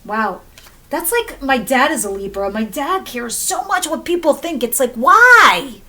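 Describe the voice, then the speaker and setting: Chatty tarot reader woman, fairly high voice. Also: expressive, moderate pace, fairly bright tone. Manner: chatty, swears freely, laughs at the cards. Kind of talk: casual tarot reading.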